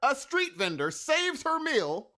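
Animated, high-pitched ranting man. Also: slow. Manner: exasperated, ranting, slangy. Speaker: podcast co-host. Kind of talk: casual podcast chat.

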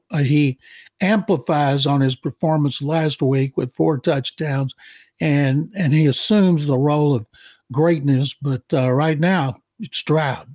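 An older man with a Texas accent, co-hosting a sports talk show, giving blunt, halting analysis. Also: fairly high pitch, a little mellow, no room sound. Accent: Texan. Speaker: sports columnist co-host.

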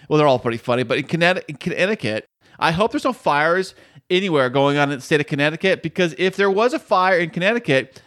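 A man's voice: on the high side, fairly bright tone. A man co-hosting a casual comedy podcast, reading out odd facts and riffing on them in a jokey, rambling way. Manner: jokey, rambling, reads items aloud. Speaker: podcast co-host. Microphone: studio mic.

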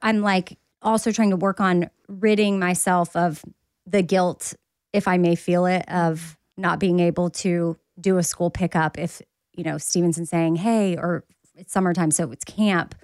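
Chatty mom co-hosting a podcast. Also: female voice, lowish voice, steady tone, unhurried, a little mellow, dry recording, studio quality. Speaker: podcast co-host; radio host and mom. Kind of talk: casual chat.

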